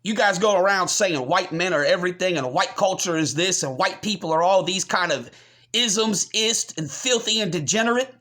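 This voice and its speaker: A man's voice: sits high, normal speed, sharp tone. Angry, profane American man ranting. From United States. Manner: combative, profane, scornful ranting. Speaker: channel host. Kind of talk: ranting commentary.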